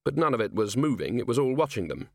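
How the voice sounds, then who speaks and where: A male audiobook narrator with a wry, expressive delivery. His pitch moves a lot from phrase to phrase at a mid register, and the recording is close and dry with no room sound. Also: fast, gravelly, no room sound.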